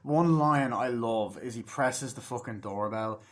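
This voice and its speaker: A man's voice: mid-range voice, measured pace. A young man giving a casual movie review, rambling with plenty of swearing and acting out scenes as he retells them.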